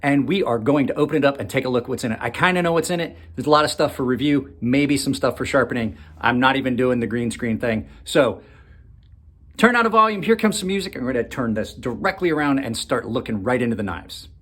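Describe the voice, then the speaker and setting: A man's voice: medium pitch, fast talker, fairly bright tone. Chatty man unboxing knives on camera. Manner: chatty, thinks aloud, trails off and restarts; dry sarcastic asides. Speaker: knife reviewer and channel host. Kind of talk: casual unboxing vlog.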